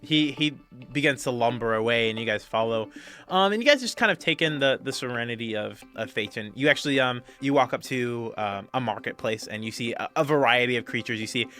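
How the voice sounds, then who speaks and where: A man running a tabletop game, describing the scene in a bright, forceful voice. He rambles and fills gaps with "um" and "uh", with soft music under him. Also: mid-range voice, fairly quick. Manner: rambling, lots of fillers, laughs often. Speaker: game master.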